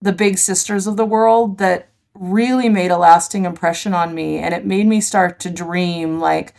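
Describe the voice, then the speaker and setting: A middle-aged woman, a podcast guest, telling vivid stories in an animated conversational way. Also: fairly low pitch, normal speed, vocal fry. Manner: animated, vivid storyteller, laughs easily. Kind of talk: conversational storytelling.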